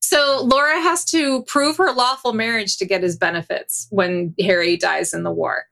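A woman hosting a comedy podcast, casually recapping a story with laughs and animated retelling. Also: mid-range voice, normal speed, vocal fry. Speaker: podcast host.

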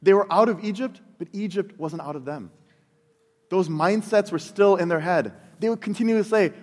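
A man in his thirties preaching a sermon as a pastor, earnest and warm in tone, often repeating words as he builds toward a point. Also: high-pitched, moderate pace. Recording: long reverb of a large hall.

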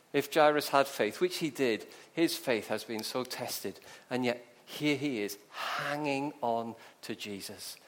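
A man preaching a sermon, telling the story vividly and asking rhetorical questions. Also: a little high.

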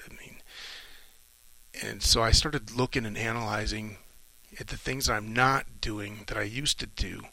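A middle-aged man muses aloud in a reflective solo monologue, pausing often and coming back to his point. His low voice has plenty of gravelly fry and a bright, forceful edge, and it sounds dry and close with no room echo. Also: fairly even intonation. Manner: thoughtful, musing, speaks in short halting phrases. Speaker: retired Navy officer sharing reflections.

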